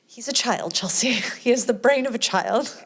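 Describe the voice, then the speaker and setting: A woman's voice: a little high, normal speed, husky. A woman co-hosting a casual movie review podcast, recapping scenes and acting out the characters' lines. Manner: animated, acts out lines from scenes. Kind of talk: casual chat.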